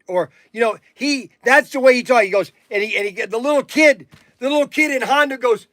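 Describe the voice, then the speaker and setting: A middle-aged man hosts a livestream from a warehouse, his extremely high-pitched voice fairly quick and a bit bright, with no room sound. His rambling, casual chat is full of folksy stories, fillers and restarts.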